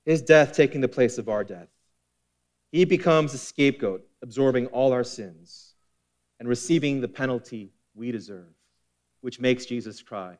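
A man preaching a sermon as pastor, impassioned, swinging between forceful emphasis and hushed intensity. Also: mid-range voice, normal speed.

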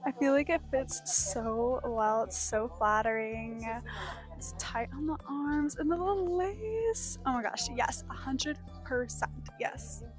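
A young woman from Texas chats in a bubbly, gushing way, exclaiming often. Her voice sits high. Music plays clearly underneath her. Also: slow. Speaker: thrift vlogger. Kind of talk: excited casual vlog chat and voice-over. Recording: music playing behind the voice.

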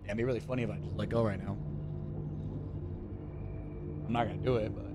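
A man streaming a video game, reacting out loud with swearing and talking to the characters on screen. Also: lowish voice, rapid-fire, faint music behind. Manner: jumpy and excitable, swears, talks to game characters. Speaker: gaming streamer. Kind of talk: let's play commentary.

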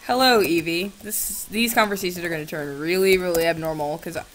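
A woman's voice: fairly low pitch, fairly quick, slight background noise. A young woman vlogger chatting sarcastically with a chatbot, swinging between shrieks and mutters, on a computer's built-in mic. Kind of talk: casual chat with a chatbot.

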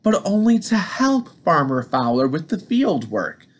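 Man voicing a big new storybook tractor, commanding and lively, slow and deliberate. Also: slight background noise. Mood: reassuring. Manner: deep, commanding. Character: big new male farm tractor, confident.

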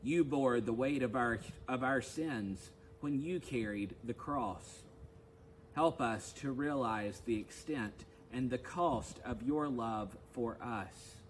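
A man's voice: mid-range voice, takes it slowly, slight background noise, low-quality recording. A male pastor leading a devotional service, chatting informally before solemn scripture readings and prayers. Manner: relaxed and conversational in the opening, solemn and louder in the readings and prayers.

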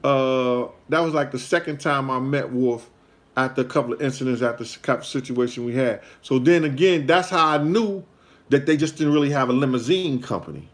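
A man's voice: mid-range voice, a little fast. A man, hosting his own show and telling a casual story in a rambling, repetitive way full of street slang.

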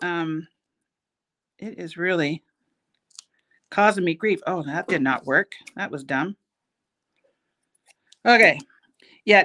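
A woman's voice: medium pitch, fairly bright tone. A middle-aged woman hosting a casual beading tutorial, chatty and self-mocking as she works. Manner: chatty, self-mocking, laughs at her own jokes. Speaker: host, bead shop owner teaching a craft.

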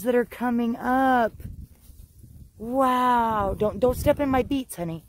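A woman homestead vlogger chatting outdoors in her garden, gushing and exclamatory, with drawn-out words. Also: fairly high pitch, poor audio. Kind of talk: casual excited vlog.

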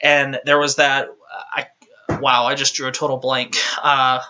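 A man's voice: medium pitch, flat delivery, measured pace, sharp tone, highs cut off. A man giving a casual ranting video game review, exasperated and often stammering as he restarts his sentences.

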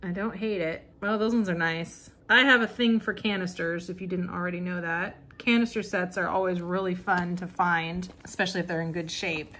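A woman's voice: on the low side, steady tone, moderate pace, few pauses, fairly bright tone. A woman hosting her own channel, chatting casually as she flips through an old catalog, amused and laughing often. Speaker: vintage reseller and channel host.

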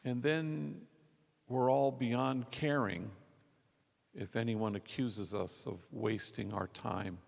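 Gravelly man preaching in a reverberant church. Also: medium pitch, steady tone, slow. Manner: conversational storytelling, acts out quotes. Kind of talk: sermon storytelling. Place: large church.

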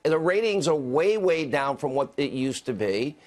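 A man's voice: a little high, sing-song, moderate pace, a little mellow. A man hosting a TV interview, giving combative, opinionated commentary. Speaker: host.

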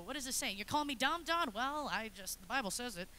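A woman in her thirties preaching a lively, chatty sermon in a church, acting out little scenes as she goes. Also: fairly high pitch, fast talker, a little hiss or hum. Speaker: pastor's wife preaching. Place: church sanctuary.

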